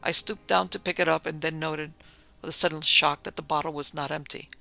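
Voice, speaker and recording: A man's voice: a little high, fairly even intonation, brisk, vocal fry, sharp tone. A man narrating a pulp horror story in the first person, with dramatic storytelling.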